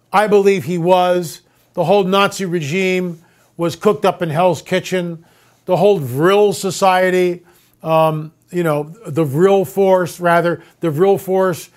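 A man hosting a talk show, telling a story to listeners in a loose conversational monologue. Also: high voice.

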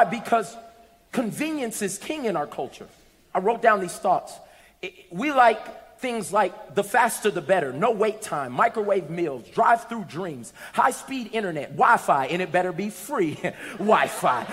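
A man preaching a sermon to a congregation, telling a story and building to shouted peaks. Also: sits high, in a large hall. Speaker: pastor. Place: church hall with congregation.

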